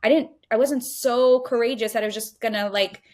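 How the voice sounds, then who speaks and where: A middle-aged woman, a podcast guest, speaking earnestly as she teaches in a warm conversational way. She repeats phrases for emphasis and acts out inner voices. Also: on the high side, steady tone, brisk.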